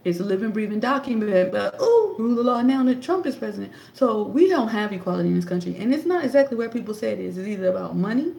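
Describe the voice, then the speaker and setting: Recorded in an echoey room, this thirty-something woman talks fast with hardly a pause, her medium-pitched voice creaky and mellow yet swinging widely in pitch. Into a tablet, she fires off sarcastic rhetorical questions in emphatic, casual political commentary.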